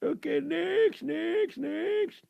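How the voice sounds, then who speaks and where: A man's voice: very high voice, very slow, creaky, a little mellow, no echo, pitched above the performer's own voice, exaggerated voice. A man voicing a jolly male court doctor who laughs at his own jokes and brushes patients off. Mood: amused.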